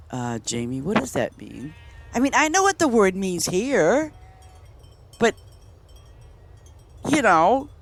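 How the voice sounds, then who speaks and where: A woman chatting casually while she streams a game, rambling from story to story and laughing often. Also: on the low side. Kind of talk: casual chat while playing. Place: home, in Boston.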